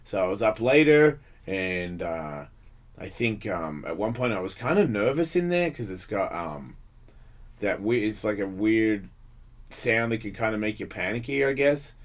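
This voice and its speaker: A man's voice: on the low side, animated, unhurried. A man hosting a radio talk show, bantering casually, blunt and jokey, rambling and swearing freely. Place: radio studio.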